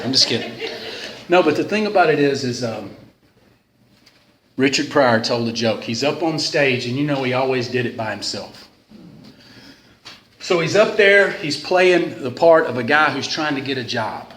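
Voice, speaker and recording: A man's voice: medium pitch, animated, moderate pace, long pauses, a bit bright. Man, recovery meeting speaker, rambling jokey delivery, echoey room with faint hiss. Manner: rambling, joking, self-deprecating. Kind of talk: casual storytelling talk. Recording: roomy hall sound with faint noise.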